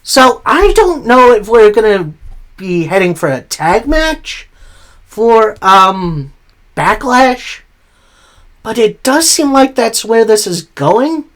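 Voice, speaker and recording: A man hosting a casual weekly wrestling recap, retelling the action play by play with frequent filler pauses. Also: sits high, very animated, fairly bright tone. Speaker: wrestling show recap host.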